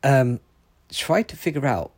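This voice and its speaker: A man giving a daily oracle card reading. He reads the card text aloud slowly, then comments in a loose, chatty way with frequent ums and asides. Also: mid-range voice, expressive, dry recording.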